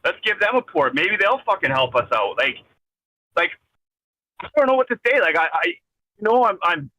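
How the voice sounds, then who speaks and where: A man's voice: high-pitched, very animated, moderate pace, pushed and bright. A man on a phone call from his vehicle, ranting in an agitated, rambling, swearing way with many restarts. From Canada. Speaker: caller. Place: in a vehicle driving.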